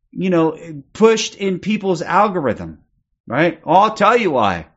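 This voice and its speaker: A man's voice: high voice, very animated, takes it slowly, a bit bright, slightly rough. Agitated man ranting on a livestream, lo-fi sound. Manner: agitated, profane, repetitive, punctuates with "okay?". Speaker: livestream host.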